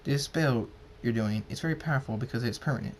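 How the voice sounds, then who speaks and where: A man's voice: mid-range voice, fast talker, a little hiss or hum, natural voice. A man voicing a nervous male pony doctor who rambles and stumbles over his words in a fan story reading. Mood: worried.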